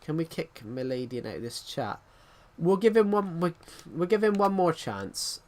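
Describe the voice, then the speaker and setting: British guy in his twenties, bit high voice, rambly streamer chat with his viewers. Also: big pitch swings, normal speed, darkish tone. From Britain. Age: 20s. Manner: chatty and rambling, answering viewers' comments. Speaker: game streamer. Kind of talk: casual live-stream chat while gaming.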